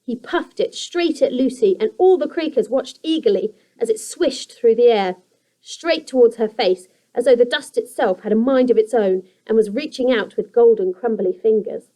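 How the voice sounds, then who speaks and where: Young teacher lady reading a kids chapter book out loud, slightly high voice, steady storytelling. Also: moderate pace, rough recording. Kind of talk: reading a children's story aloud.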